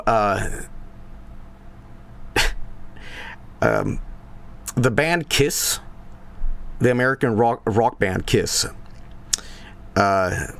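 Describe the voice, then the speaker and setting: A man, chatting casually on a stream, rambling, swearing and laughing often. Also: fairly low pitch. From Sweden. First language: Swedish.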